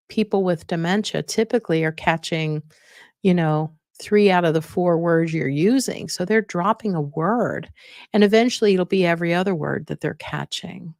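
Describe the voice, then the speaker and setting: A woman's voice: lowish voice, a little mellow, no room sound, studio quality. Direct, coaching woman podcast host. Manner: direct, coaching, repeats key points. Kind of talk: instructional podcast talk.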